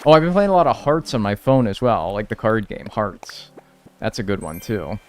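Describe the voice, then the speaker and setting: A man's voice: fairly low pitch, very animated, moderate pace. A young man streaming a life-sim game, rambling casually and answering chat with self-deprecating humor.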